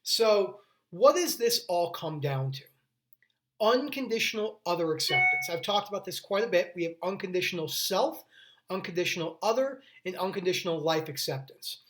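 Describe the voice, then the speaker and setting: In this casual explainer about mental health, the young male host speaks at a normal speed with an expressive voice that sits high and sounds a bit bright. His earnest delivery rambles, with restarted sentences and frequent tangents.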